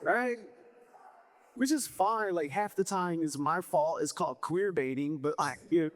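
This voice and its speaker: A man's voice: on the high side, brisk. Rambling young stand-up comic, man. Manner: rambling, full of fillers and self-deprecating asides. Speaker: stand-up comedian. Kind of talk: stand-up set.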